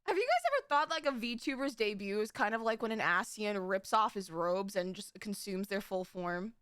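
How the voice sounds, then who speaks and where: A woman's voice: mid-range voice, expressive, normal speed, fairly bright tone, smooth, dry recording, studio quality. A young woman streamer chatting with her live audience, rambling and giggling, often stopping to correct herself. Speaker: VTuber streamer. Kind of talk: casual live-stream chat.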